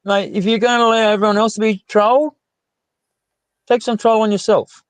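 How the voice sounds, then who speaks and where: A man hosting a livestream, talking crudely in halting, restarting bursts. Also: high voice, steady tone, clear, resonant tone, no room sound. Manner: halting, profane, restarts a lot. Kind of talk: crude casual stream chat.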